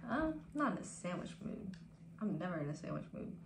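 Very animated and a little fast, her fairly low voice fills an echoey home room where she streams to viewers. She's a woman in her twenties, laid-back and profane, who sometimes lowers to a whisper. There's faint ambience and background noise.

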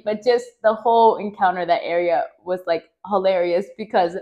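A woman's voice: moderate pace, few pauses. A woman from Mexico hosting a podcast and recounting her own life story. She rambles, corrects herself mid-sentence and leans on "like" as a filler. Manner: acts out quoted voices louder and higher. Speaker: podcast host.

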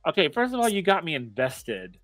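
A man's voice: fairly high pitch, huge pitch swings, brisk, fairly bright tone, no echo, soft background music. Laughing, worked-up male podcast co-host. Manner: agreeable, laughing, worked-up storytelling. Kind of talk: casual podcast chat.

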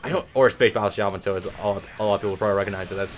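A man's voice: on the low side, fairly even intonation, very fast, slight background noise. A man giving casual gameplay commentary, laid-back, swearing freely and trailing off with ums. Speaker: let's play host.

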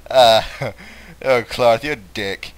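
A man's voice: medium pitch, takes it slowly, clear, resonant tone, no room sound, low-quality recording. A young man giving casual, crude let's play commentary and laughing through his lines.

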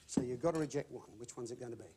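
A man's voice: medium pitch, very fast, background noise. A man hosting a television game show, with chirpy, jokey patter and repeated catchphrases in front of a live audience. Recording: old broadcast recording with audience.

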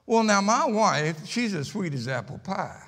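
An older male preacher delivers a sermon in a church, his voice sitting notably high. He tells stories in a homespun way and hammers points home through repetition. A long church reverb trails behind each phrase. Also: very animated, measured pace, fairly bright tone. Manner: folksy storytelling, emphatic repetition. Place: church sanctuary.

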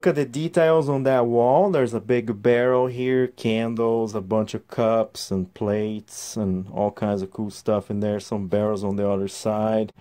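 A man's voice: fairly low pitch, fairly even intonation, a little slow, hardly any pauses, dark tone. A man reviewing a toy set in a casual, chatty way, showing the pieces as he explains them.

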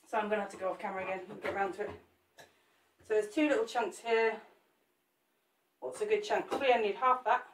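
Here a woman's rather high voice is picked up from a distance, off the mic and with a roomy echo. She's doing a live cake sculpt demonstration, joking and chatting with viewers while she works.

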